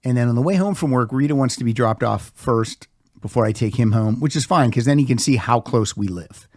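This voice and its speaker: A man's voice: medium pitch, a little fast, a little mellow, dry recording, clean studio sound. A man in his fifties hosting a podcast, telling a story in a chatty way, cursing freely and laughing along. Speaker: podcast host. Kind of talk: casual storytelling chat.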